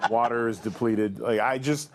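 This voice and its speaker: A man's voice: medium pitch, fairly even intonation, normal speed. A man on a talk show panel, telling a mocking story and laughing as he goes.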